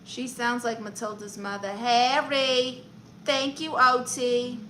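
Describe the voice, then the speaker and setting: A woman's voice: on the high side, level tone, slow, bright, forceful tone, slight background noise, poor audio. A woman with a Brooklyn New York accent, hosting a comedy live stream in character, chatty and brash as she greets viewers and reads the chat aloud. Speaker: livestream comedy host.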